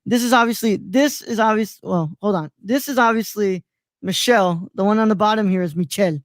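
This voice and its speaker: A man's voice: sits high, brisk, no echo. A man in his twenties from Mexico hosting a casual live show, rambling and stumbling over names with many fillers. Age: 20s. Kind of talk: casual live-stream chat.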